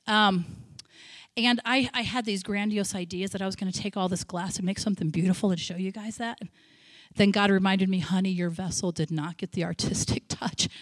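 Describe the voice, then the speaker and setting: A woman missionary giving a sermon, telling stories with feeling, breaking into shouted praise and chatty asides. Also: medium pitch, no room sound, clean studio sound. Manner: emotional storytelling, bursts into loud shouted praise; chatty, self-interrupting asides. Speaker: missionary speaker.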